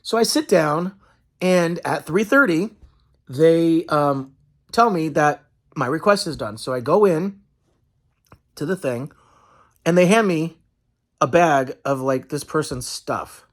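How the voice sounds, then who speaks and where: A man's voice: fairly high pitch, takes it slowly, long pauses. Male vlogger, casual rambling rant, frustrated, heavy on fillers.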